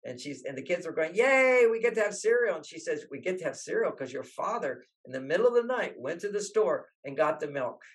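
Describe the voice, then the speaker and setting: In a storytelling interview, an older relationship author talks a little fast with barely a pause, his voice on the high side. He animatedly performs the voices of those he quotes.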